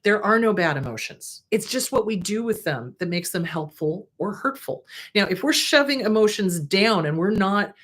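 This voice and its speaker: A woman's voice: medium pitch, normal speed, hardly any pauses, slightly rough. Middle-aged woman therapist, casual and blunt, talks straight to camera with punchy emphasis. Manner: frank, emphatic, animated, playful asides. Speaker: therapist host. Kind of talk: casual advice talk to camera.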